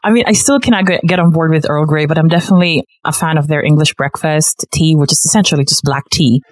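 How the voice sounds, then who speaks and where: A woman in a casual interview, telling animated stories, laughing often and acting out what people say. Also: sits low, quick pace, no room sound. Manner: animated storyteller, laughs often, acts out quotes. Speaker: guest living in the UK.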